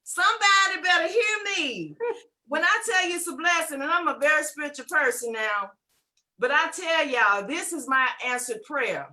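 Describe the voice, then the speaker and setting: A middle-aged woman giving a loud, laughing testimonial on a video call, with preacher-like exclamations. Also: sits high, expressive, moderate pace. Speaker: webinar testimonial guest. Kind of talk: exuberant testimonial.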